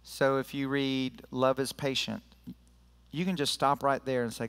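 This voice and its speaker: Earnest man preaching, smooth clear voice. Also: mid-range voice, level tone, unhurried, fairly bright tone, in a large hall. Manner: conversational, earnest, leads prayer and scripture reading. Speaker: pastor. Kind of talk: sermon. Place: church sanctuary.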